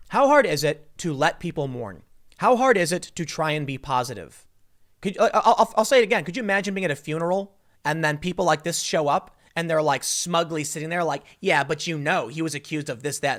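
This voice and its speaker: Animated, emphatic man commenting. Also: a little high, moderate pace. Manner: animated, emphatic storytelling with restarts. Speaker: political commentary host. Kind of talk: casual commentary monologue.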